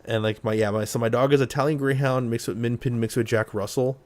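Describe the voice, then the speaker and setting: A man's voice: mid-range voice, steady tone, fast. A young man hosting a casual live stream chat, rambling and joking, swearing casually. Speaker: streamer host.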